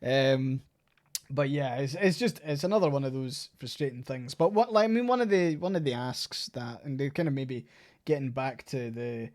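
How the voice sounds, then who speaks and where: A man's voice: mid-range voice, normal speed, darkish tone. A Scottish man co-hosting a podcast in casual, rambling chat, swearing now and then and saying "like" a lot. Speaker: podcast co-host.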